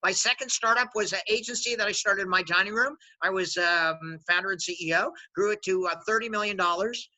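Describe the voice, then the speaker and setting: A man in his sixties, a sales executive and podcast guest, telling his career story in an energetic, enthusiastic way. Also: high-pitched, fairly quick, few pauses, low-quality recording. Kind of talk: casual interview storytelling.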